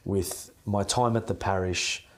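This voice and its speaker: A young man, a seminarian, answering interview questions in an earnest, gentle way. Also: low-pitched, steady tone, measured pace. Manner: earnest, gentle, repetitive phrasing.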